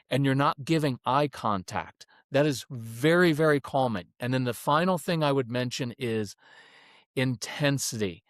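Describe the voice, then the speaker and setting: Heard in a dry, clean studio recording, a middle-aged man with a mid-range voice is interviewed on a podcast as a parenting coach. His stories come alive with acted-out quotes, while his coaching advice is delivered plainly and matter-of-factly.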